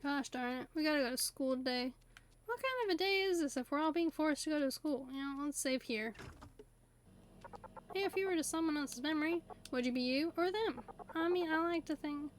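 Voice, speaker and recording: A woman streamer giving casual, chatty gameplay commentary in a playful way that is quick to laugh, recorded on a desk mic at home. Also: high-pitched, lively intonation. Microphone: desk USB condenser mic. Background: faint game music.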